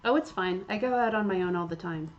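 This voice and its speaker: A woman's voice: medium pitch, quick pace, lo-fi sound, natural voice. A woman voicing a plucky, blunt young Irish frontier woman with an Irish accent, breezy and cheeky, in a game.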